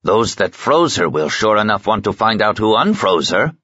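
A male narrator voicing a shrewd, gruff old woman who talks bluntly and sardonically, with a husky edge to the voice. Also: lowish voice, big pitch swings, normal speed, sharp tone, dry recording, pitched above the performer's own voice, heavily acted. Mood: wary. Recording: slightly muffled sound.

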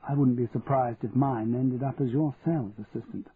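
Close to his everyday voice, a man speaks in a mid-range, fairly even intonation at a moderate pace while playing a witty upper-class English lady. She teases her guests in a posh drawl, the mood teasing, and the audio is tinny and phone-like with a faint hiss.

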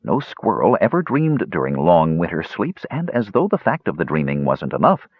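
A man narrating a fantasy audiobook in an expressive, dramatic reading. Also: deep voice, moderate pace, slightly rough, no room sound. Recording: dull lo-fi recording.

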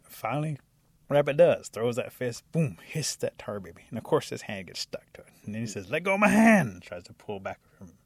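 A man telling a traditional folk tale aloud in an animated storyteller's way. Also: medium pitch, a little fast, husky, dry recording. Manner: animated, switches into character voices.

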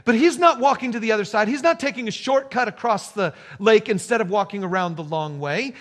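A man's voice: sits high, brisk, fairly bright tone. A man preaching a sermon as a pastor, telling the story with repeated phrases and building emphasis. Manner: storytelling with rising emphasis and repetition.

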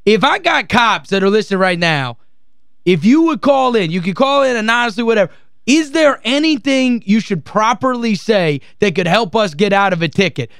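A man's voice: high voice, lively intonation, moderate pace, gravelly, a bit bright, clear, resonant tone, no echo, clean studio sound. A man hosting a talk radio show, giving the phone number, reading scores and taking calls with energy.

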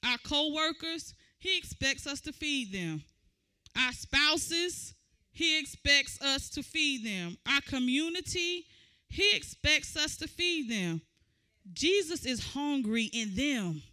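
A woman with a high, piercingly bright voice preaches a sermon, speaking slowly and expressively. She shifts from easy, conversational teaching into loud, shouted exhortation.

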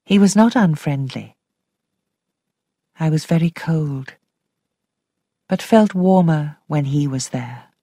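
A woman reading a story aloud in an expressive voice that sometimes drops to a whisper. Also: low-pitched, takes it slowly, pauses often, no room sound, studio quality. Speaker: audiobook reader. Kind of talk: storybook narration.

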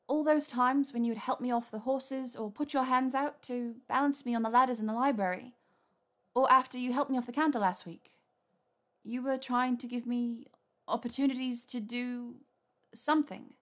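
A woman voicing a flustered, earnest young witch who talks in a rushed, nervous way. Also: sits high, pitched above the performer's own voice, natural voice. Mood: surprised.

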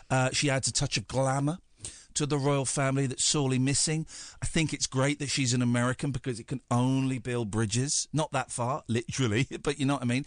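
Hosting late-night radio from a studio, a middle-aged man from Britain talks in a sarcastic, mock-gushing way. His voice is medium-pitched, and the studio microphone gives a dry, studio-quality recording.

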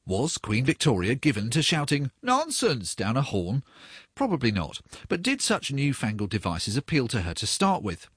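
A man's voice: medium pitch, big pitch swings, moderate pace, husky, no room sound, studio quality. A man narrating a documentary with a wry, inquisitive manner. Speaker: podcast presenter.

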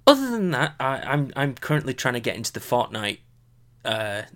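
A man co-hosting a casual chat podcast, rambling and halting with many restarts. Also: mid-range voice, very animated, fairly bright tone. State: recovering from illness. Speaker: podcast co-host.

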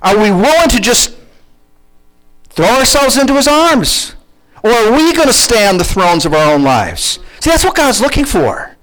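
A middle-aged male pastor delivers a conversational sermon with a fairly high voice. His pitch rises and falls a lot as he talks. He keeps putting questions to his listeners. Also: normal speed, poor audio. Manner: animated, conversational preaching with questions to the congregation.

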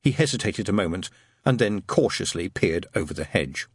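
A man narrating a comic novel as an audiobook, wry and expressive, switching into character voices. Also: deep voice, normal speed, slightly rough, no room sound, studio quality.

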